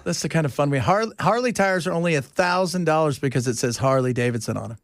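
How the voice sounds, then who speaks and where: A man's voice: fairly high pitch, fast talker, no echo, clean studio sound. A man hosting a talk radio show, bantering casually and breaking into silly voices as he tells stories. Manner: animated storyteller, slips into silly voices and laughs.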